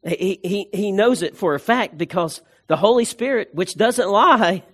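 A male pastor with a high-pitched voice, delivering a sermon. He presses his points hard, repeating phrases for emphasis and stumbling into restarts along the way. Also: animated, a little slow, a bit bright.

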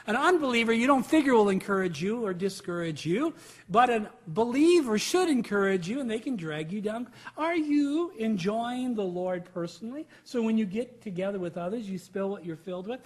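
A male pastor delivers a sermon in a notably high-pitched voice. He leans hard on key words and keeps pressing the listeners with rhetorical questions. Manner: emphatic preaching with rhetorical questions.

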